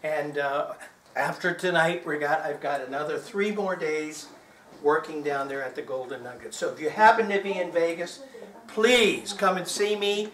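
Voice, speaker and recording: A man's voice: on the high side, normal speed, a bit bright. A man from Texas doing chatty, joking stage patter as a magician, often asking his audience questions. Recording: roomy live hall sound.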